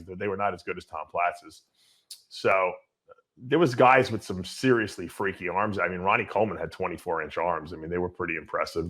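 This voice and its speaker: An older man hosting a bodybuilding Q&A show, answering in a blunt, animated, storytelling way with some swearing. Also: on the low side. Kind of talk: casual Q&A answer.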